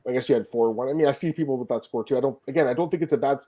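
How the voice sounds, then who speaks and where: Man, rapid-fire podcast host, animated and loose, swears freely. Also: mid-range voice. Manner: fast, animated, swears and laughs often. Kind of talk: casual sports podcast chat.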